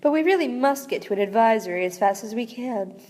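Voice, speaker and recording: A woman's voice: fairly high pitch, animated, darkish tone. A woman voicing a vast, polite star being in a swoopy, grand, faintly sinister tone. The voice rings in an echoey room with a long reverb. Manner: slow, grand, sinister-tinged delivery.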